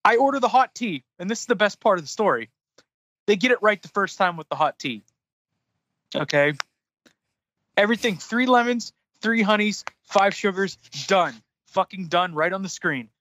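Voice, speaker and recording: A man's voice: sits high, normal speed, no room sound. A man casually retelling a frustrating story as a podcast host, heavy on swearing and getting heated. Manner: profane, heated, animated retelling.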